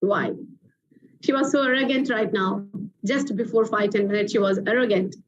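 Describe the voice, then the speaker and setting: A woman's voice: medium pitch, normal speed. A woman hosting a show, telling a motivational story with emphatic repeated phrases, in a muffled lo-fi recording. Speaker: TV show host.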